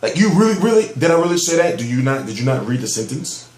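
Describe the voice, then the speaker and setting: A man's voice: on the high side, big pitch swings, quick pace, darkish tone, reverberant. A man giving heated, profane commentary on boxing news in a ranting vlog, amped up and emphatic. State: amped up on soda.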